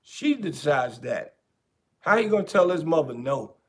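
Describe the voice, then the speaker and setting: A podcast host talking in a casual, animated way, repeating his points for emphasis. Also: a little high, a little slow. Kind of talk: casual commentary.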